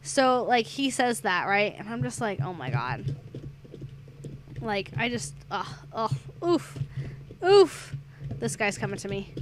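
A woman's voice: fairly high pitch, animated, unhurried, noisy background. A young adult woman streamer chatting casually while gaming, rambling through a story and getting sidetracked by the game.

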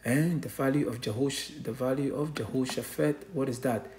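A man preaching with excitement, reading verses aloud and then explaining them, often tagging his lines with a questioning "eh?". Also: medium pitch, moderate pace. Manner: fervent, punctuates lines with questioning "eh?". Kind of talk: excited scripture teaching. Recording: echoey room.

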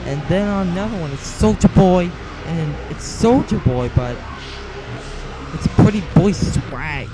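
A man's voice: high-pitched, expressive, unhurried, background noise. Indignant young man ranting on webcam. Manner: indignant, scornful, keeps repeating "stupid". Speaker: channel host. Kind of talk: webcam rant. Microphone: small webcam.

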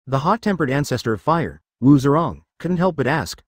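A man narrates a web novel in an even, machine-like way. His pitch rises and falls a lot. The sound is dry and close. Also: moderate pace, few pauses, husky, dry recording. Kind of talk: text-to-speech novel reading.

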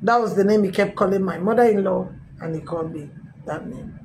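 A middle-aged woman pastor, telling her testimony in a sermon with emphatic, animated storytelling. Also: mid-range voice, a little fast, a little hiss or hum, poor audio. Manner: storytelling with acted quotes, emphatic swings. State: recovering from a tooth extraction.

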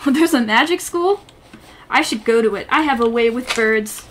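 A woman streamer giving goofy, excitable let's play commentary. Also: fairly high pitch, normal speed. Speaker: gaming streamer.

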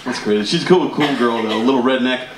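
A man's voice: mid-range voice, quick pace, crowd noise. Man doing stand-up in an echoey club. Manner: laughing through punchlines, conversational. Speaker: stand-up comedian. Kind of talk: stand-up routine. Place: comedy club stage. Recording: echoey room with loud audience laughter.

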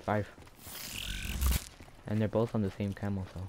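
A man chatting casually while he plays, retelling his kills in an excitable, rambling way with lots of restarts. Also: fairly low pitch, measured pace. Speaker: gamer recording his play. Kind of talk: casual gameplay chat. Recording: game gunfire and noise behind. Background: video game gunfire.

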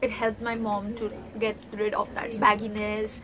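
A young woman, chatting excitedly through a beauty product haul at home. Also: medium pitch, unhurried, music in the background. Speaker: beauty vlogger. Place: at home, near a bookcase.

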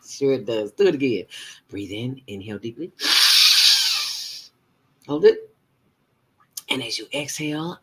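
A woman's voice: very deep voice, expressive, normal speed, breathy edge. A woman guiding a morning breathing meditation, playful and chatty, talking to herself and dropping into whispers. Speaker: mindfulness teacher.

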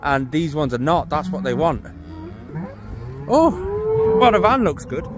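A man's voice: a little high, expressive, fairly quick, a crowd in the background. A man, chatting casually as a van-life vlogger outdoors and talking to cows. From United Kingdom. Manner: chatty, talks to cows and laughs. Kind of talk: casual vlog commentary. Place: outdoors by a van in wind and farm field. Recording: windy outdoor noise.

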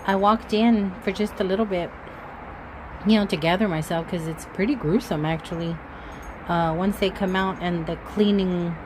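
A woman vlogging from her backyard in a medium voice. She speaks soothingly to a mother cat and chats casually with viewers. Clear background noise and cat sounds run under the homemade recording. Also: medium pitch. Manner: soothing, talks softly to a birthing cat. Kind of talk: casual vlog talk to viewers. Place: backyard outdoors. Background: cats meowing.

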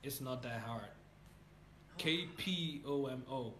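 A man hosting and playfully coaching pronunciation, laughing, patient, demonstrating sounds slowly. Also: mid-range voice, a bit bright. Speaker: host coaching name pronunciation. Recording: roomy echo with background noise.

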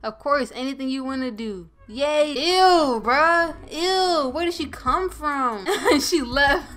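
A woman's voice: sits high, slow, a bit bright. A young woman giving playful, mock-outraged commentary over her gameplay and laughing often. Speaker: gaming YouTuber.

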